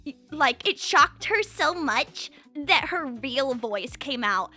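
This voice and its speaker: A young woman streamer talks casually to her chat over a condenser mic. Her voice sits high and very lively, rising into excited near-yells and dropping to low, quiet murmurs. Faint music plays underneath. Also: measured pace, hardly any pauses, no room sound. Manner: animated, swings between high excited and low quiet tones.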